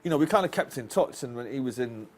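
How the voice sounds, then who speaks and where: A man's voice: mid-range voice, animated, quick pace, a little mellow. Rambling Northern English male storyteller. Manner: rambling storyteller, chuckles often, restarts lines. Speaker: interview guest. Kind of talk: casual anecdote telling.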